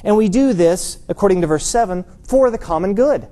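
A pastor preaching an earnest, emphatic sermon in church, lifting his voice to stress key points and dropping low for a story. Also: lively intonation, brisk, mellow.

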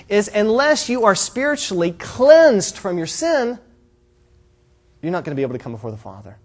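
A man's voice: sits high, very animated, fairly quick. A man preaching a sermon, explaining a Bible passage in an earnest, emphatic way. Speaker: pastor.

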